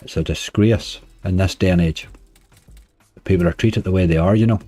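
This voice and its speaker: A hoarse man with a Northern Irish accent, chatting casually to viewers on a live stream. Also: low-pitched, normal speed, mellow, dry recording, faint music behind. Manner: chatty, uses "wee" and "like" often. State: hoarse, dry throat. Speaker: slots streamer.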